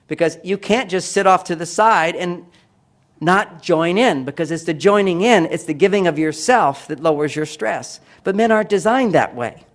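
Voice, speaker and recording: A man's voice: lively intonation, fairly quick. A man giving a lecture-style talk, speaking emphatically with repeated phrases and acting out quoted voices. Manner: acts out quoted voices with raised pitch and emphasis.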